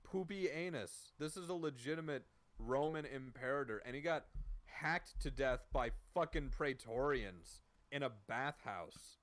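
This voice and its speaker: A man's voice: medium pitch, measured pace, no room sound. A man streaming and chatting casually, swearing constantly and ranting in disbelief. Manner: profane, incredulous, animated ranting. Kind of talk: casual chat.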